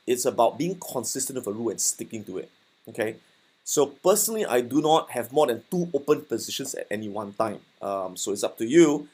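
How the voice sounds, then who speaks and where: A man's voice: mid-range voice, breathy edge. A man teaching trading in a casual recorded lesson, talking conversationally and often checking in with his listeners. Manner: conversational, checks in with "okay" and "right". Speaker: forex trading instructor.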